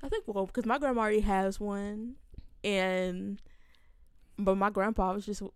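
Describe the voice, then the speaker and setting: A young woman in her twenties co-hosting a podcast, chatting playfully with quick jokes and bursts of laughter. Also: medium pitch, steady tone, darkish tone, clear, resonant tone, no room sound. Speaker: podcast co-host. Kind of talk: casual chat.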